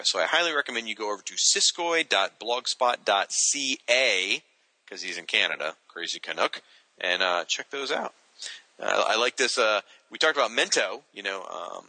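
Podcast guy reading listener mail, bright voice, bounces around a lot, dry close mic. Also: lowish voice, no room sound, poor audio. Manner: reads letters aloud with chuckles, lively. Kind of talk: casual podcast chat.

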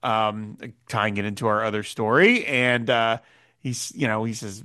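A man hosting a podcast discussion, animated, laughing often and acting out quoted lines. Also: lowish voice, unhurried. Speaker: podcast host.

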